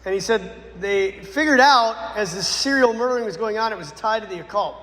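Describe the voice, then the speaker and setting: A man, a Catholic priest, telling a dramatic story in a sermon, swinging between loud bursts and hushed lines. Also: high voice, a little fast. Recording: echoey church with long reverb.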